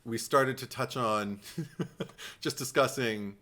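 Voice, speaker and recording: A man co-hosting a casual podcast, talking in an animated, playful way and laughing often. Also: medium pitch, slow pace. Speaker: podcast co-host.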